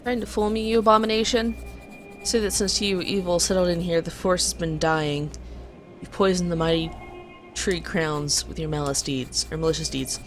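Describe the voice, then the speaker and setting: A woman's voice: lowish voice, fairly even intonation, moderate pace, faint music behind, lightly acted. A woman reading the lines of a defiant young game hero, challenging and accusing. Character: defiant young hero seeking his sister.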